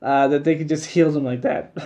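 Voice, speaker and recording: A man's voice: fairly high pitch, steady tone, moderate pace, warm tone, a little hiss or hum. A man giving a casual, rambling video review of a cartoon episode, repeating himself and chuckling between points.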